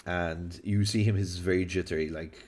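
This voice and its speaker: A man from Malta narrating a tabletop role-playing game as game master, halting and full of fillers and restarts. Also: low-pitched, fairly even intonation, darkish tone.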